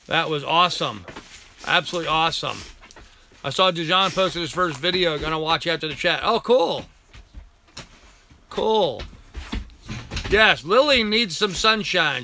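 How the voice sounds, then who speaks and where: A man's voice: on the high side, pushed and bright, slight background noise. An older man hosting a casual live chat from home. He rambles, thanks viewers by name and coos at his dog. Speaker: live-stream host.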